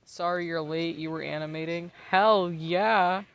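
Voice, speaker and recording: A slightly high-voiced man who is tipsy and giggly while he streams a game, rambling to his chat with lots of swearing and laughter in his delivery. His talk sounds loose and easygoing. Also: fairly even intonation, measured pace, a bit bright, smooth, dull audio. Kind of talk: casual live-stream chat while gaming.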